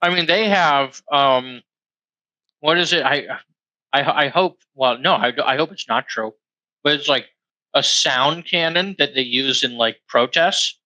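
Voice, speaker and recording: Bright-voiced profane podcast co-host man. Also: medium pitch, measured pace, no echo, lo-fi sound. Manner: rambling, profane, animated storytelling. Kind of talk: casual chat.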